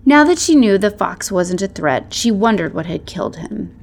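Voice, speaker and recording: A woman narrating a storybook tale in a measured, soft-spoken way. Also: mid-range voice, sing-song, gravelly.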